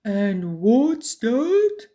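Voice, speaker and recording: A timid, hungry storybook troll speaks in a high, strained voice that swoops up and down. He sounds bumbling and meek, and his lines come out slow and drawn out, as a woman reads him aloud. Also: sing-song, warm tone, heavily acted. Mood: eager.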